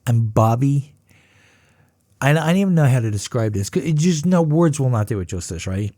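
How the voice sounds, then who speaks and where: Man in his fifties, casual profane storyteller, lively pitch, dry close sound. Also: a little fast, vocal fry, no room sound. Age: 50s. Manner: profane, laughing, animated. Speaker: podcast host.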